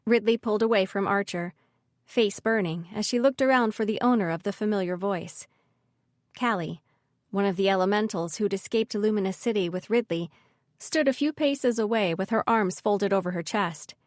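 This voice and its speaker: A woman narrating a fantasy audiobook in an even, measured reading. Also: mid-range voice, no room sound, studio quality.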